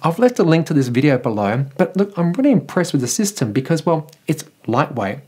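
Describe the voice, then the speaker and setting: A man's voice: fairly high pitch, very animated, brisk, darkish tone, breathy edge. An Australian man hosting a casual electric vehicle news vlog, chatty and jokey with enthusiastic asides.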